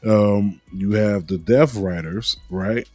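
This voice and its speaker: A man's voice: on the low side, slow pace, mellow, no echo, soft background music. A man hosting a casual wrestling talk show, joking and laughing at his own stumbles over names. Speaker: podcast host.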